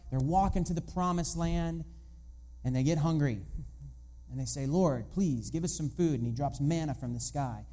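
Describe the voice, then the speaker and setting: Mellow-voiced man preaching conversationally. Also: a little high. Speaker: pastor. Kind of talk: sermon.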